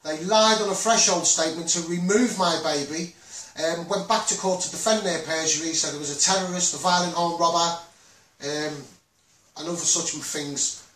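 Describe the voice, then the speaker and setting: A man's voice: on the high side, steady tone, moderate pace, fairly bright tone. A man with a Scouse accent hosting a Facebook live, talking in a rambling, impassioned way with many restarts. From Liverpool. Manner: rambling, repetitive, with frequent restarts and "um"s. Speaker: Facebook live host and campaigner. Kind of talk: impassioned live stream monologue. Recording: roomy echo, distant from the mic.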